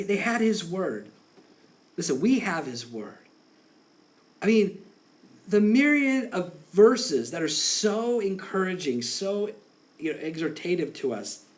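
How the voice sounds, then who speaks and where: Male pastor, casual animated sermon delivery, fairly high voice with lively pitch swings. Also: slow, pauses often. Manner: conversational, animated, acts out quotes with laughs.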